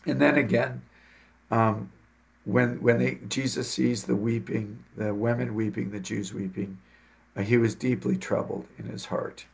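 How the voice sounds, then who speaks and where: Gravelly-voiced man reflecting on scripture. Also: medium pitch, fairly even intonation, unhurried. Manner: reflective, quotes scripture softly. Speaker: deacon, podcast co-host. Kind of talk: casual faith podcast chat.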